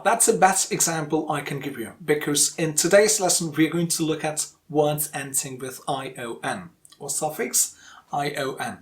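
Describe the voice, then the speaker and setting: A man with a slightly raised pitch runs an online pronunciation lesson. He says each example word slowly and repeats it several times so the learner can copy the stress. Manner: calls for likes and subscribes. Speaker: pronunciation teacher.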